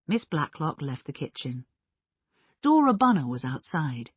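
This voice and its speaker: A woman reads a storybook for English learners, slow and lively in pitch, with a husky, breathy edge. The recording is dry and slightly dull. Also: dry recording. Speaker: narrator.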